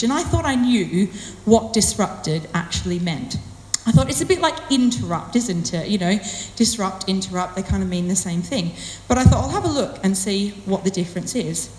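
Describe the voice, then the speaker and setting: A woman delivers a personal sermon in a chatty, self-deprecating way, leaning on words with playful emphasis. Her voice sits at a middling pitch. It rings through a roomy hall with a long reverb tail. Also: a little hiss or hum. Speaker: church speaker.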